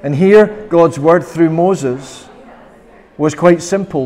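Earnest Scottish preacher in a reverberant church. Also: male voice, fairly high pitch, takes it slowly, darkish tone. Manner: earnest, quoting prayers in an impassioned voice. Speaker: minister. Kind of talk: sermon.

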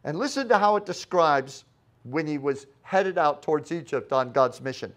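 A pastor preaching a sermon with an animated delivery, acting out the quoted lines with dramatic voices. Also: male voice, on the high side, moderate pace.

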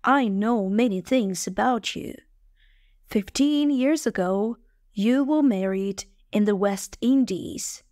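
A woman reading as a calm formal lawyer. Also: medium pitch, no room sound, clean studio sound, lightly acted. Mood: firm. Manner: plain, slow, measured reading.

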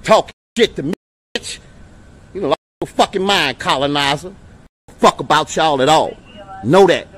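A man in a heated street confrontation, shouting and taunting with profane insults. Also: on the high side, normal speed, long pauses. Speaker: man confronting police officers.

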